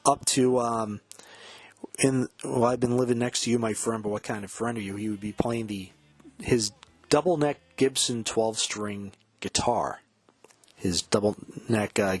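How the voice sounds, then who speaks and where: A man hosting a music show, chatting casually about an album, often quoting and humming lyrics with excitement. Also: lowish voice, husky. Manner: quotes and hums lyrics while explaining, excitable. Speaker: podcast host.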